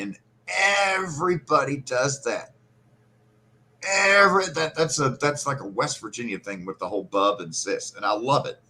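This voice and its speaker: A man's voice: mid-range voice, moderate pace, sharp tone, a little hiss or hum. A man from central Kentucky, hosting a casual podcast chat and rambling animatedly through stories and imitated regional words. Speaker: podcast host.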